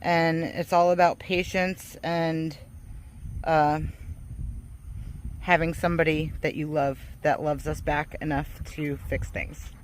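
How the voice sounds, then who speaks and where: A woman chatting casually to camera while her husband works on the farm, talking warmly about faith and laughing often. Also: sits low, flat delivery, slow, a little hiss or hum. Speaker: farm vlogger.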